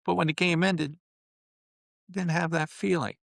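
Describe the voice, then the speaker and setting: Older man telling lively stories. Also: fairly high pitch, a little slow, vocal fry, no echo, clean studio sound. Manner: animated storyteller, heavy use of "you know" and "man". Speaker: guest, former pro basketball player. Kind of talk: interview storytelling.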